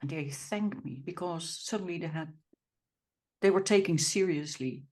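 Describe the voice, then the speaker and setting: A woman with a Dutch accent, hosting an interview podcast and talking in a chatty way with some halting restarts. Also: fairly low pitch, darkish tone. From Netherlands. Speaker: podcast host.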